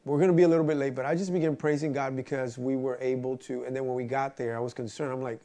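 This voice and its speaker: A man's voice: medium pitch, fairly even intonation, quick pace, dark tone. A man preaching a conversational sermon, earnest and storytelling, repeating phrases for emphasis.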